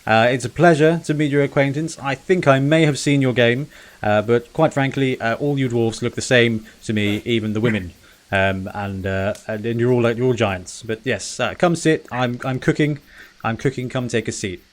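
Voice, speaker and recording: A man's voice: mid-range voice, normal speed, close to an everyday voice. A man voicing a chatty, genteel male halfling chef who talks in a posh, fussy way in a tabletop role-play.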